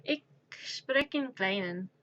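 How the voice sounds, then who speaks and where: A woman's voice: medium pitch, animated, slow pace, bright, forceful tone, highs cut off, slight background noise. A woman streamer in a casual chat who rambles, mocks herself and laughs at herself. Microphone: streaming microphone.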